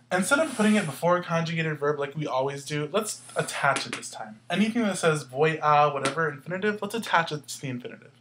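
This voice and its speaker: A man's voice: on the high side, fairly bright tone, slight background noise. A man teaching a Spanish grammar lesson, explaining patiently step by step and asking questions as he goes.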